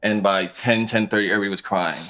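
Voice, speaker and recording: A man in his thirties, a podcast guest talking about his clothing brand in a relaxed, conversational way. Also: on the low side, quick pace. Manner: relaxed, conversational, thinks aloud with restarts. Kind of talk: casual interview chat.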